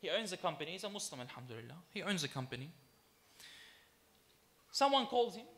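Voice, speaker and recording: A man giving a sermon as a sheikh. He talks emphatically, repeats phrases for weight, slows to stress key words and calls the audience brothers and sisters. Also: high voice, big pitch swings, fairly bright tone. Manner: emphatic, with deliberate repetition. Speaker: sheikh giving a religious talk.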